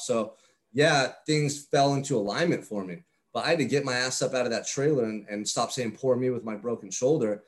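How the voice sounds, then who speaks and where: A male podcast guest in a casual, candid conversation. He speaks earnestly and bluntly, with a bit of swearing, at a middle pitch. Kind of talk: casual interview chat.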